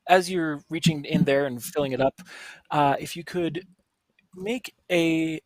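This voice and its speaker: Man game master, slightly high voice, halting and full of ums, dry close sound. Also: dry recording. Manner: hesitant, many fillers, thinks aloud. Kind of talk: narrating a tabletop game.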